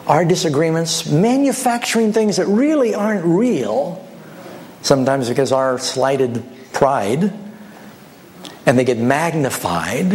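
A male pastor preaching a sermon, telling illustrative stories with lively, animated delivery. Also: fairly high pitch, a little hiss or hum. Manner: animated storytelling, acting out voices.

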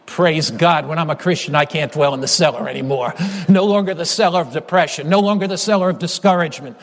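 A man's voice: on the high side, fast talker, hardly any pauses. A man preaching a sermon in an earnest, emphatic way, building his points through repetition. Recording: long hall reverb.

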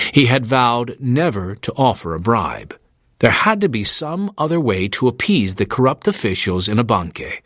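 A man narrating an audiobook in a steady, measured storytelling manner, recorded close in a studio. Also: mid-range voice, dry recording. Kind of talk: scripted narration.

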